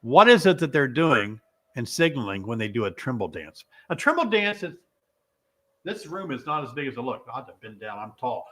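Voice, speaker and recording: A man's voice: mid-range voice, normal speed. A middle-aged man hosting a casual beekeeping live stream, playful and teasing, short of breath and coughing from an illness. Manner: playful, teasing, with animated exclamations. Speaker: beekeeping host.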